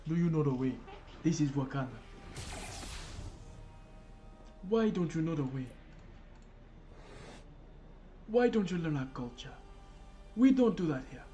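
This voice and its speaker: A stern Wakandan warrior lectures with a put-on accent in a mock-serious tone, as a man puts him on. The voice sits a bit high and carries. He sounds a little back from the mic, with faint music behind. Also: expressive, a little fast, mellow, dull audio, lightly acted.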